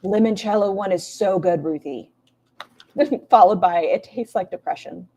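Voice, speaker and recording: A woman's voice: medium pitch, unhurried, mellow, dull audio. A woman doing casual, sarcastic live-stream commentary, swearing freely and talking to her chat. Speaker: reaction streamer.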